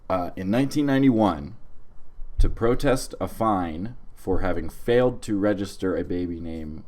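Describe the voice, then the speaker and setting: A man's voice: deep voice, expressive, moderate pace, darkish tone. A man co-hosting a comedy podcast, reading out a list of odd facts in a dry, casual way. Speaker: podcast co-host.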